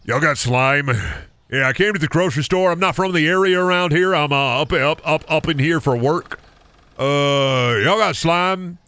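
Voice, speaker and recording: A man voicing a loud, demanding man customer hunting through a grocery store. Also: fairly high pitch, normal speed, clean tone. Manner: drawling, demanding, repetitive.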